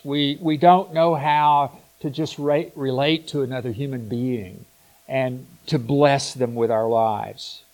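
A man delivering a sermon at a slow, deliberate pace. He thinks aloud, pausing and restarting phrases as he reaches for words. His voice sits at an ordinary middle pitch. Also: a little mellow, poor audio. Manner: slow, reflective, with frequent restarts and pauses.

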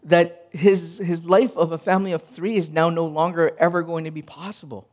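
Male pastor, thirties, high-pitched, earnest conversational sermon delivery. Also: little pitch movement, moderate pace, a little mellow. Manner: earnest, personal storytelling with frequent restarts.

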